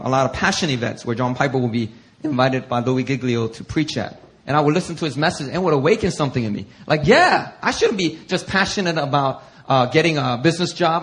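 Impassioned preaching man, slightly high voice. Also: poor audio. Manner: builds to loud preaching with dramatic slow emphasis on scripture; conversational asides to the congregation. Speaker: pastor. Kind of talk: sermon.

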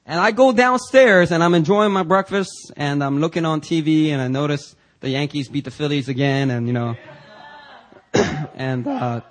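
A man's voice: a little high, fairly even intonation, moderate pace. A pastor preaching a sermon in a chatty storytelling way, with many fillers, often laughing at his own story. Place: church.

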